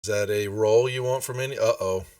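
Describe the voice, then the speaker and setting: A man's voice: on the low side, a little fast, a little mellow, dry recording, studio quality, recorded from a distance. A man playing a tabletop game, chatting casually and playfully and asking questions. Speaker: player.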